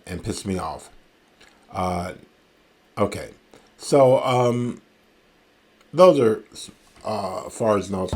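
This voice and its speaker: Male classics lecturer, deep-ish voice, very slow, measured reading of ancient verse. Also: a little mellow. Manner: measured, reads verse aloud slowly, with casual asides and fillers. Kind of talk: recorded lecture reading and explaining ancient Greek.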